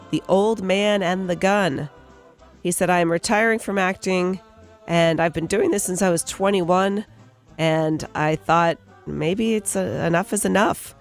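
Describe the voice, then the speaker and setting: A woman co-hosting a morning radio show, reading entertainment news and telling stories briskly. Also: fairly low pitch. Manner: brisk storytelling, bright laughs.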